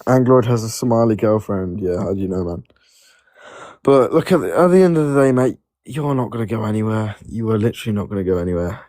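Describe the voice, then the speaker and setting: A man's voice: on the low side, fast, warm tone, dry recording, studio quality. A man arguing as a guest on a live stream, mocking the host and repeating his jabs. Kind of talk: heated live-stream argument.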